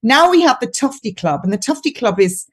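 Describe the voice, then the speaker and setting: A woman's voice: fairly high pitch, sing-song, fairly quick, husky. Chatty woman, mocking humor. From United Kingdom. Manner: chatty, mocking, laughs often. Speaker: guest nutritionist. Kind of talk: casual podcast chat.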